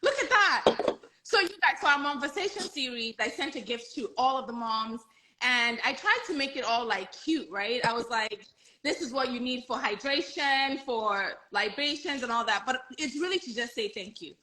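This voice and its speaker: Bright high-voiced woman hosting a live chat. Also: normal speed, low-quality recording. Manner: bubbly, laughing often. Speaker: host. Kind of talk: casual live-stream chat.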